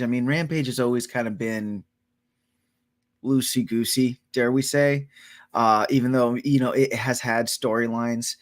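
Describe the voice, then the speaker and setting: Laid-back guy co-hosting a late night podcast, unhurried, agreeable. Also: medium pitch. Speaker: podcast co-host.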